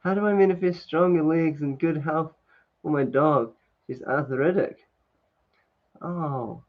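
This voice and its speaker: A man's voice: fairly high pitch, measured pace. Chatty man on a dull lo-fi stream. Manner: chatty, laughs often, many fillers. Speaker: livestream host. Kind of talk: casual livestream chat reading comments. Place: indoors at home, sunny.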